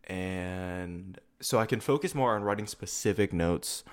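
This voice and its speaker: A man's voice: low-pitched, unhurried. A man in his twenties hosting a casual rewatch video, rambling, swearing and laughing often as he talks. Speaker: video podcast host. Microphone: camera setup.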